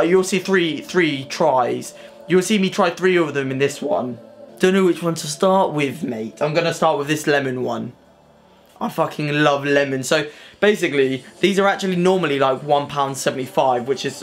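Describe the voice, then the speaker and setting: Sweary young British man saying "mate". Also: on the high side. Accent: British English. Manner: slangy and sweary, ends sentences with "mate". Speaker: vlogger. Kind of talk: casual vlog talk to camera. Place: at home, then by car and outdoors.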